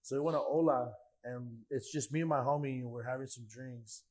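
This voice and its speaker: A man's voice: medium pitch, fairly even intonation, fairly quick, a little mellow. A young man casually telling a story on a podcast, full of slang and profanity and acting out other people's voices. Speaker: podcast guest.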